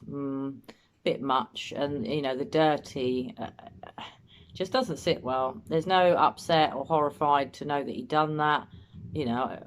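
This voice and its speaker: A woman with a low voice talks through an interview clip in a doubtful, thinking-aloud way. She comments steadily, often circling back to the same misgivings. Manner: doubtful, musing, often repeats herself. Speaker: host, body language commentator. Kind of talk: analytical commentary.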